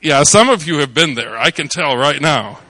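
A male preacher giving a sermon, telling a hunting story with lively bursts of excitement before turning back to scripture. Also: on the high side, moderate pace, no room sound. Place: church service.

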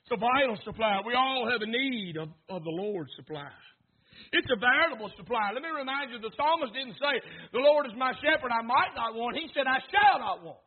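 High-voiced fervent preacher man, husky. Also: expressive, brisk, narrow, tinny audio. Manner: fervent preaching, swings from near-whispers to shouts; rhythmic repetition, asks congregation to repeat. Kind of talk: sermon.

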